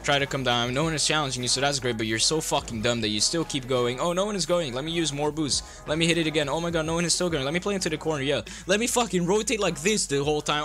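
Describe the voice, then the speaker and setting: A young man talks a player through a game replay in a sharp, bright voice pitched a little high. He coaches bluntly, swearing and mocking often, while faint music plays underneath. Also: expressive, fast talker, hardly any pauses. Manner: blunt, profane and sarcastic.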